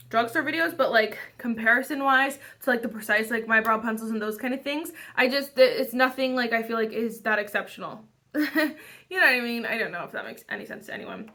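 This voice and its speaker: Young woman vlogger, casual makeup chat, bright slightly high voice, rambling delivery. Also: fairly quick. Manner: rambling, chatty, many fillers and restarts. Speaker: beauty vlogger.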